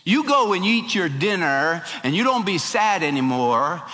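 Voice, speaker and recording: A man's voice: sits high, very animated, unhurried, sharp tone, in a large hall, heavily acted, poor audio. A man voicing a scheming, domineering queen who coaxes and commands her husband. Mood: bossy. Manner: bossy, coaxing.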